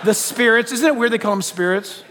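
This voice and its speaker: A man preaching a lively, joking sermon as a pastor, acting out the voices of the people he quotes. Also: high voice, a little fast, a crowd in the background, background noise. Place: church auditorium. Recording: long hall reverb.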